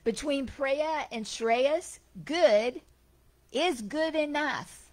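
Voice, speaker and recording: A woman giving a Sunday spiritual talk, telling stories in a chatty, animated way. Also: high-pitched, very slow. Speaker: guest speaker at a spiritual center.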